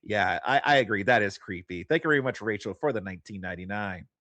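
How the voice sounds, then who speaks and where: A man's voice: on the low side, fast, a bit bright, dry recording. A man streaming and reacting to a clip with sarcastic, mocking commentary. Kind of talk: casual chat.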